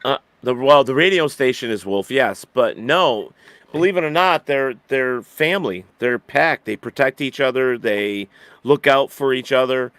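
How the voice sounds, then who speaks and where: A man's voice: medium pitch, expressive, a little slow, a bit bright, clear, resonant tone, no room sound. A man in casual chat who rambles with restarts and laughs easily.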